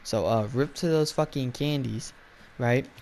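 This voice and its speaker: A man's voice: mid-range voice, a little slow, very noisy. Young man ranting profanely while gaming. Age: young adult. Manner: profane, rambling, lots of filler. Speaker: gaming storyteller. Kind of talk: casual rant while gaming.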